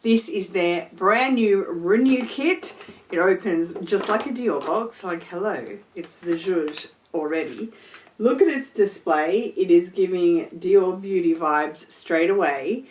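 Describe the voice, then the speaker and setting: A woman's voice: fairly low pitch, slow, a little mellow, a little hiss or hum. A woman fashion vlogger giving a chatty, enthusiastic sponsored product review, full of playful slang.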